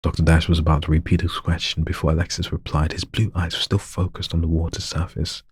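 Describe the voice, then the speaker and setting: A man's voice: a bass voice, little pitch movement, brisk, few pauses, husky, no room sound, studio quality. A man reading a story aloud, stumbling over lines, retaking them and joking with himself. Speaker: story narrator.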